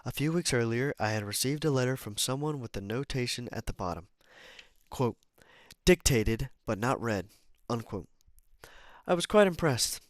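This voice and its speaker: A man's voice: mid-range voice, animated, normal speed, no room sound, clean studio sound. A man reading a self-help book aloud, stumbling over words, restarting lines and adding casual asides and apologies. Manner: stumbles, restarts and corrects himself while reading. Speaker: amateur reader.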